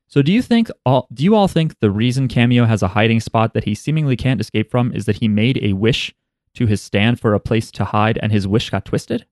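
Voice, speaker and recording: A man's voice: mid-range voice, a little mellow, no echo. Dry-voiced man reading listener mail. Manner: jokey, reads emails aloud with asides. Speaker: podcast co-host reading listener email. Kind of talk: casual chat.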